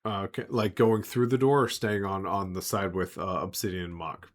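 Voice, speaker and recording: Low-voiced man running a tabletop game. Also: steady tone, normal speed. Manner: rambling, full of filler words and restarts. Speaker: game master.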